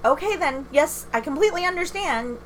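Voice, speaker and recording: A woman's voice: high voice, lively intonation, brisk, a little hiss or hum, pitched above the performer's own voice. A woman putting on a fake, chipper customer service agent voice, overly polite with a forced smile.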